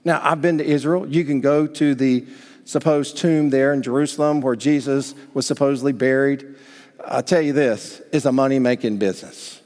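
A man's voice: medium pitch, steady tone, moderate pace, darkish tone. A male pastor preaching a sermon, talking conversationally and asking the congregation rhetorical questions. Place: church sanctuary. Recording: long hall reverb.

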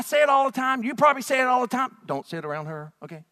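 High-voiced preacher in a reverberant hall. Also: male voice, very fast, clean studio sound. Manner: lively, joking, rhetorical questions. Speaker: pastor. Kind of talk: sermon. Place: church hall with live audience.

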